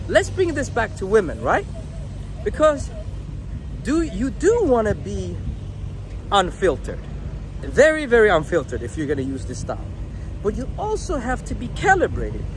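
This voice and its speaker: Blunt, animated young man on the street. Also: high voice, noisy background. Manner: blunt, crude, unfiltered, animated storytelling. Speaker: dating coach. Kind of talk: casual talking-to-camera advice.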